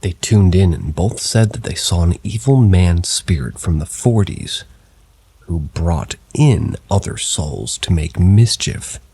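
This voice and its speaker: A man narrating first-person paranormal stories as scripted narration, in a low, even storytelling tone with a husky voice.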